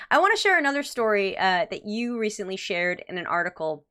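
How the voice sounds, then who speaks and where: A young woman hosting a casual interview, chatty and animated, with lots of filler words. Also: medium pitch, brisk, clear, resonant tone. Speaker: host.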